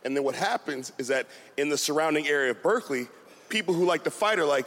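A man performing a stand-up comedy set, telling animated stories and mocking voices. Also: on the high side, brisk. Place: comedy venue with a live audience. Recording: loud crowd and noise.

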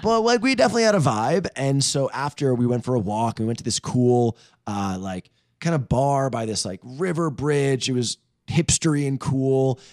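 A man guesting on a radio show, telling a dating story in a playful, animated way with easy laughs. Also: mid-range voice, moderate pace, dry recording, studio quality. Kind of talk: casual storytelling chat.

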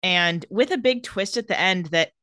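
A woman's voice: on the low side, normal speed, clean tone, no echo, clean studio sound. A young woman co-hosting a casual recap podcast, laughing often and acting out characters' lines. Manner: lively, laughs often, acts out quotes. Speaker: podcast co-host.

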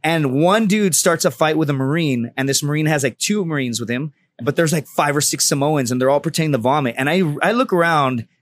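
Podcast guest, male, rapid-fire profane storyteller on a bone-dry close mic. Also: fairly high pitch, no room sound. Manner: profane, acts out the people in his stories. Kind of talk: animated comedic storytelling.

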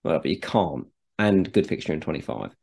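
Man, low voice, gravelly, casual football podcast chat, rambling. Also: sing-song, brisk, darkish tone. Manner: chatty, restarts and repeats words. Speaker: podcast co-host.

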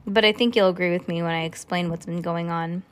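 A woman's voice: fairly low pitch, steady tone, a little fast, close to an everyday voice. A woman reading aloud as a determined orphan girl who pleads earnestly with adults. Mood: pleading.

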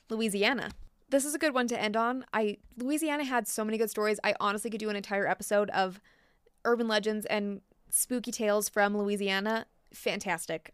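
A woman's voice: medium pitch, smooth, no echo. A woman hosting a podcast, telling spooky legends with chatty, playful asides. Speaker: podcast host. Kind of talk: storytelling podcast.

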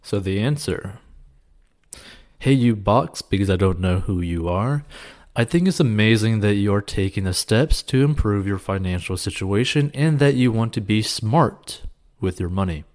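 A man's voice: lowish voice, animated, moderate pace, darkish tone. A man answering a viewer's question with casual, earnest money advice, encouraging and peppered with "like" and "you know.". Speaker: personal finance advice host.

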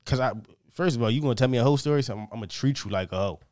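A man co-hosting a casual podcast, throwing in quick blunt opinions. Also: mid-range voice, darkish tone, no echo, studio quality. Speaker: podcast co-host.

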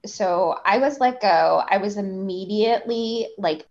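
A woman's voice: mid-range voice, unhurried. Woman telling a story with candid swearing. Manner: animated, profane, full of fillers. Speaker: guest journalist. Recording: slightly dull lo-fi audio.

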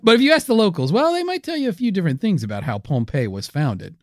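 A man's voice: high-pitched, big pitch swings, quick pace, no echo, clean studio sound. A man co-hosting a comedic history podcast, telling the story with wry, teasing asides. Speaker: podcast co-host.

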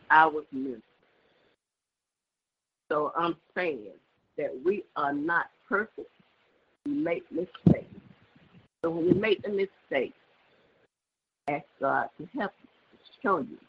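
A woman's voice: low voice, creaky. An older woman giving a personal religious testimony in an emphatic, repetitive, preachy way. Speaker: church member giving testimony. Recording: dull lo-fi sound with faint background noise.

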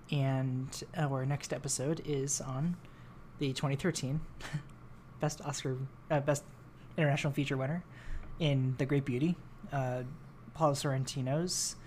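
Male co-host, mid-pitched, easygoing delivery full of fillers, slight background noise. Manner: relaxed, hesitant with many fillers. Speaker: podcast co-host. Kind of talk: casual film podcast chat.

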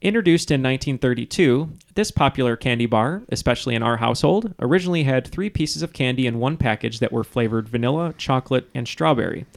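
A man's voice: mid-range voice, lively intonation, fast, gravelly, hardly any pauses. A man hosting a casual podcast with friends, reading trivia questions and telling stories in a rambling way, with many ums and uhs. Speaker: podcast host running a trivia quiz.

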